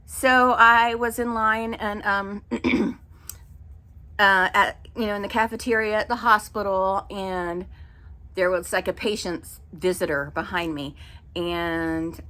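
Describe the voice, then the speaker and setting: A middle-aged woman telling a story in an exasperated, animated casual rant with many fillers. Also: mid-range voice, slow. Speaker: vlogger. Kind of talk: casual ranting monologue.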